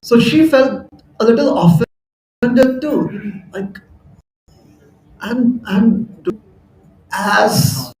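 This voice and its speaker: Man, temple speaker, high voice, slow and mellow, chatty storytelling sermon, echoey hall, far from the mic. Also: lively intonation. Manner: chatty, laughs at his own jokes.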